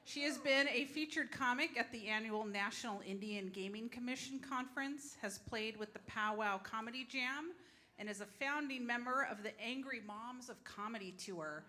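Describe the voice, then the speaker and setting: A woman's voice: fairly high pitch, moderate pace, bright, forceful tone. A woman emceeing a live comedy show, upbeat as she introduces the next act. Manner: upbeat, playfully stumbles over a place name. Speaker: festival emcee. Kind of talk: introducing acts.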